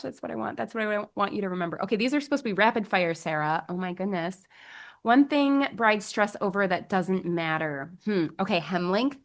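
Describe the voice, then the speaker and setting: A woman's voice: medium pitch, fairly quick. A young woman hosting a solo podcast as a bridal alterations specialist, chatty and bubbly with gushing exclamations.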